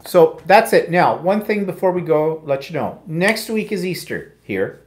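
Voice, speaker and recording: A man's voice: on the high side, expressive, measured pace. A middle-aged man with an Ontario Canadian accent, co-hosting a casual live chat in a wry, self-deprecating way. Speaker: co-host.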